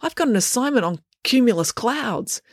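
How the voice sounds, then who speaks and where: A woman's voice: on the high side, expressive, moderate pace, dry recording, studio quality, pitched above the performer's own voice. A woman voicing a shy, easily flustered teenage boy who stammers, in a storybook reading. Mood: plain.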